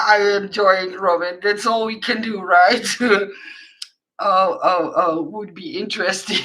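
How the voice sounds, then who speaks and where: Woman craft host, casual chat, slow delivery, keeps breaking into laughter. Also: medium pitch, bright, forceful tone. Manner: laughing helplessly between short remarks.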